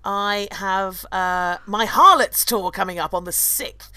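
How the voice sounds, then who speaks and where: A woman's voice: medium pitch, slow pace, bright, forceful tone, no room sound. A woman who hosts a podcast and leads tours, chatting casually and laughing often. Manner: chatty, giggly, cackling. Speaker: podcast host and tour guide.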